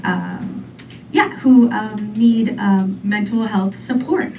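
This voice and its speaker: A woman's voice: medium pitch, slow pace, gravelly. Rambling woman comic in her forties. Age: 40s. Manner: rambling, filler-heavy, deadpan. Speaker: stand-up comedian. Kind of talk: stand-up comedy set. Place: comedy club stage. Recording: distant mic with faint room noise.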